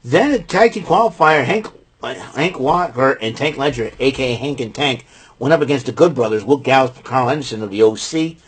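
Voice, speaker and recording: A man's voice: medium pitch, animated, brisk, breathy edge. A man casually recapping a wrestling show, rambling with many fillers and restarts. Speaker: podcast host recapping wrestling.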